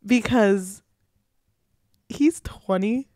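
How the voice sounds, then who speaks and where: A woman's voice: mid-range voice, drawn-out words, no room sound, clean studio sound. A woman co-hosting a casual book podcast, retelling a plot with lots of swearing and fillers. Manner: animated retelling with frequent swearing. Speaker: podcast co-host.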